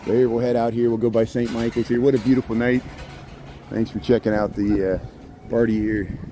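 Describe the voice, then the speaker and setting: A man's voice: flat delivery, fairly quick, mellow, slight background noise. A man chatting casually to his viewers as he walks the streets at night, talking into a handheld phone. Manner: chatty, greets dogs in a high baby voice, laughs often. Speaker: walking livestream vlogger. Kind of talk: casual street chat while walking. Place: outdoors on city streets at night.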